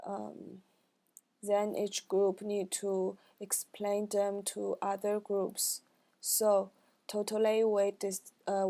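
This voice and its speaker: A young woman student reading a recap of her class in careful, halting, non-native phrasing. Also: medium pitch, dark tone.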